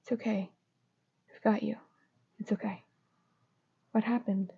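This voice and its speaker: A woman reading the lines of a teenage boy wizard, a softening former rival, speaking softly and sometimes near a whisper. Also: fairly high pitch, normal speed, breathy edge. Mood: gentle. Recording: dull lo-fi recording.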